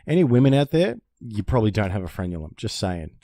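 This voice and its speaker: A man telling a story in casual podcast chat. He swears freely and tells it in an animated way. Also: lowish voice, quick pace, no echo. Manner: animated, profane storyteller who acts out panicked voices. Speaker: podcast co-host.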